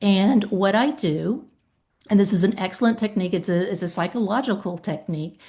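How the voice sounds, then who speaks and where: A woman's voice: mid-range voice, fairly quick, mellow. A woman hosting a podcast in casual conversation, speaking emphatically and acting out calls with claimants. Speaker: podcast host and author.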